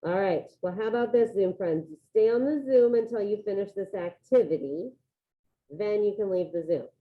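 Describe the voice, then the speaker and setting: A woman teaching a Spanish class over a video call, giving brisk step-by-step instructions and coaxing students to get the work done. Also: medium pitch. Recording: tinny phone-like video call audio.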